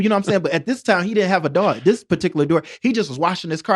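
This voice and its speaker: A man from Detroit with a fairly high voice tells his stories at a rapid clip. He is jokey and streetwise and keeps checking in with the listener through quick asides. The sound is close and dry, with no room around it. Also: animated, dry recording. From Detroit, USA. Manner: jokey, streetwise, full of "you know what I mean" asides. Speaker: podcast guest, door-to-door salesman. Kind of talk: animated storytelling in casual conversation. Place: podcast studio.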